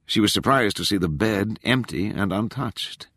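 A man narrating an audiobook in a measured, expressive way. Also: fairly low pitch, no echo, clean studio sound.

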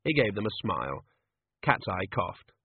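A man narrating an audiobook in a measured, dry storytelling manner. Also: lowish voice, big pitch swings, vocal fry, husky, dry recording. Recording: tinny phone-like dry audio.

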